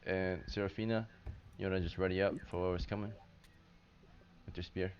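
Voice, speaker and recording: Low-voiced man running a tabletop game. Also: fairly even intonation, a little fast. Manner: loose, filler-heavy narration with frequent "right?" check-ins. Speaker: game master. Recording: dull lo-fi stream audio with faint hiss.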